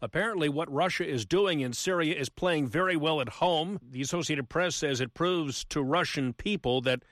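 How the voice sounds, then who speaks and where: A male news reporter reads his script briskly and cleanly. His voice sits a little high for a man, and the recording is dry and close. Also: a bit bright, no echo.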